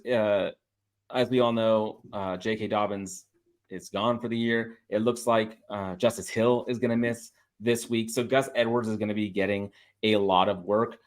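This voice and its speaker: Easygoing male cohost with a lowish voice, talks picks with plenty of ums. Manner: relaxed, hesitant with fillers. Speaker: fantasy sports analyst. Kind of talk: casual sports betting chat.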